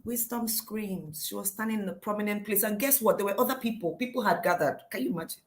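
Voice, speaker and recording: This is a middle-aged woman who is teaching a devotional lesson. She tells stories in an animated way and plays out what people said. Her voice sits at an ordinary pitch for a woman. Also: fast. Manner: lively storytelling, acting out quotes with shouts and laughs. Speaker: teacher leading a daily devotional series. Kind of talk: teaching a devotional talk on scripture.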